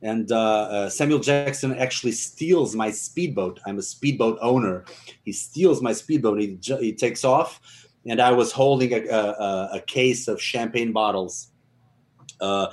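A man from Portugal with a Portuguese accent, a stunt performer guest telling animated stories in casual podcast chat, laughing often. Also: fairly low pitch, a little slow. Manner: animated storyteller, laughs often, acts out quotes.

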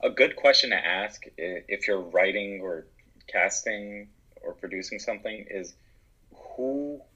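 This is an American man with a very low voice that still has a bright, forceful edge. He sounds slightly husky. He talks earnestly and reflectively, often restarting phrases. The recording is dull and lo-fi. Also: measured pace. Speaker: podcast guest, actor and writer. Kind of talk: casual conversation.

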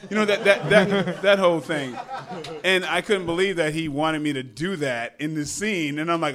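A man speaking as a guest on a live panel, laughing often and playfully doing yells and voices. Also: fairly high pitch, brisk. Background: audience crowd.

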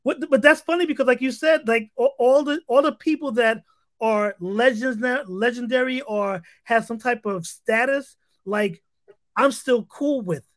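A male podcast host who talks excitedly, stammering and restarting his sentences often. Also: very high-pitched, unhurried, dry recording. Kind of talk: casual interview talk.

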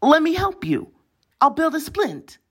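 A woman's voice: sits high, huge pitch swings, a little slow, voice pushed up, exaggerated voice. A woman voicing a strange frog-like boy. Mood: apologetic. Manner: stammering, pleading. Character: strange frog-like young boy, eager and awkward.

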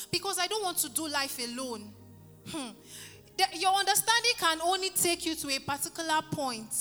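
A woman's voice: high voice, bright, forceful tone, big-room sound. A woman, preaching a sermon and leading an altar call, pleading fervently and repeating her phrases. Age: 30s.

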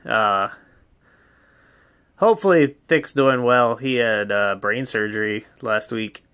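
A man in his thirties rambles through a solo podcast, cursing freely and delivering a mock sponsorship with a deadpan shrug. His voice sits at an ordinary middle pitch. The sound is dry and close, with no room echo. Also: takes it slowly, clear, resonant tone. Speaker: podcast host. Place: home with pets around.

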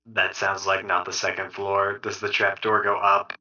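A man playing a tabletop role-playing game, talking in a wry, deliberate way. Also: low voice, flat delivery, bright, forceful tone, rough recording. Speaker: player. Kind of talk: casual tabletop game chat.

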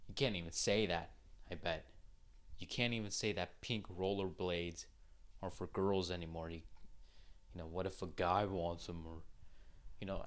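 Low-pitched and a touch bright, a young guy runs his own podcast in a loose, rambling style. He curses a lot and fills his talk with fillers.

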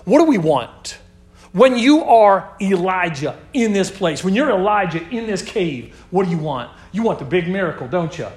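A young man preaching to a youth group. He talks casually, calls the listeners dude and man, and swings between loud emphasis and hushed asides. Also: sits high, very animated, normal speed. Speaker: youth pastor. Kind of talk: sermon.

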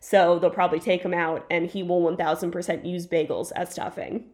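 A woman's voice: fairly low pitch, level tone, a little fast, a little mellow. A woman co-hosting a podcast in casual chat, telling stories emphatically and laughing often. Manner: enthusiastic storyteller, emphatic and laughing. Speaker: podcast co-host.

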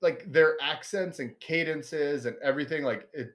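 A man co-hosting a podcast, talking casually and animatedly about a film with lots of fillers. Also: normal speed. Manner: animated, swings up in pitch when excited, many "like" fillers. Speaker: podcast co-host. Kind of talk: casual film review chat.

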